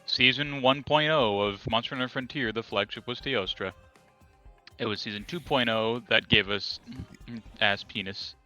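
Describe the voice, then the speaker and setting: A man's voice: medium pitch, moderate pace, bright, forceful tone, soft background music. A young man in casual chat with friends, quizzing them on monster trivia with enthusiasm and plenty of swearing.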